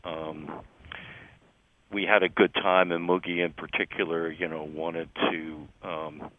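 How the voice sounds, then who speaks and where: An older man with a Philadelphia accent, talking as an interview guest in a relaxed, halting way with many ums and uhs. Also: sits low, no echo. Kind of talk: phone interview chat. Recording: tinny phone line, faint noise.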